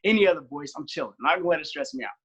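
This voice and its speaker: A young man in his twenties, a podcast guest, telling animated stories and acting out his own quotes in casual chat. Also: fairly high pitch, rapid-fire, slightly rough, lo-fi sound. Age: 20s.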